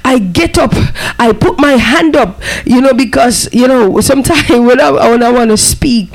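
A man's voice: extremely high pitch, normal speed, poor audio. A man preaching a fervent sermon, breaking in often with amen and praise be to God.

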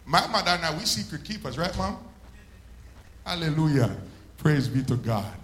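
A male pastor preaching a sermon, swelling up and then slowing down hard for emphasis. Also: on the high side, sing-song, fairly bright tone. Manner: preaching with sudden swells and slow drawn-out emphasis. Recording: echoey church room.

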